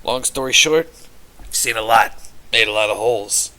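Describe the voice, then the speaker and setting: A brash, cursing cheese-folk tough guy, played by a man in a tabletop game. His voice is bright and forceful with a smooth, crisp tone, and he talks like a hard-bitten veteran. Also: mid-range voice, normal speed, pitched below the performer's own voice, natural voice, low-quality recording. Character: gruff, crude male cheese creature, hard-bitten veteran.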